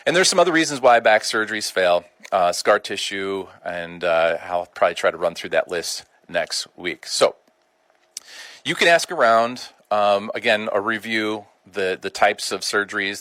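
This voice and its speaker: A man's voice: deep voice, a bit bright, no room sound. A middle-aged man, a doctor hosting a radio health show, talking informally in a folksy, chatty way with colloquial asides.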